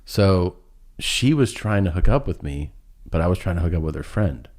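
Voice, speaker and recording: Deep-voiced man telling a rambling story. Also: lively intonation, darkish tone. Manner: laughs through his own story, drawn-out pauses. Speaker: podcast guest telling a story. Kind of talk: casual storytelling chat.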